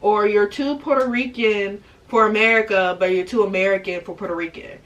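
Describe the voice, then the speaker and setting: A woman's voice: medium pitch, fairly even intonation, brisk, fairly bright tone, distant mic. A young adult woman vlogger in a casual, emphatic rant to camera who repeats her points for effect.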